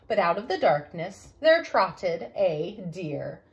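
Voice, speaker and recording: A woman's voice: fairly low pitch, big pitch swings, takes it slowly, hardly any pauses. Sing-song woman reading to children. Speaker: children's librarian. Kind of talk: children's story time read-aloud.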